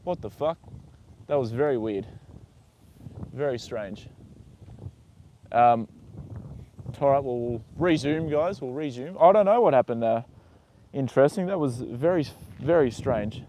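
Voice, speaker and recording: A man's voice: medium pitch, unhurried, pauses often, dark tone, a little hiss or hum. A man talks casually on a live stream while working on a horse. He mutters under his breath, swears freely, and breaks off to talk to the animal. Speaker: livestreamer caring for a horse.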